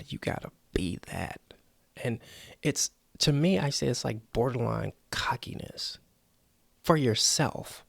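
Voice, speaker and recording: A man's voice: medium pitch, animated, unhurried, creaky, breathy edge, no room sound. A man hosting a motivational podcast, coaching earnestly and acting out the inner voices people hear. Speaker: podcast host.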